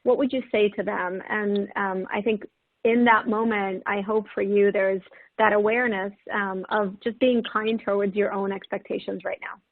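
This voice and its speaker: A woman's voice: medium pitch, fairly even intonation, moderate pace, no echo. Encouraging woman on a tinny call line. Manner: warm encouraging, many "right?" and "like" fillers. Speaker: webinar panelist. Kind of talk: webinar talk on self-compassion. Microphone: video call. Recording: tinny phone-like call audio.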